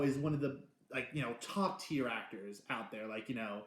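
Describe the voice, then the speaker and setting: A man hosting a casual movie review, talking in an excitable, rambling way with many restarts and the odd swear word. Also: medium pitch, moderate pace. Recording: roomy echo.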